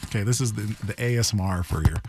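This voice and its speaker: A man's voice: fairly low pitch, fast talker, background noise. A man hosting a casual radio food segment in a studio, chatty and enthusiastic while tasting food on air. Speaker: radio show host.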